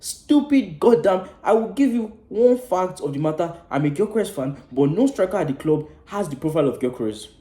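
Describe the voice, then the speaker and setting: With a high, expressive voice at normal speed and few pauses, a man hosting a football fan channel rants passionately and preachily about a match. He swears liberally, lurching from loud outbursts to whispered asides, and the recording sounds roomy.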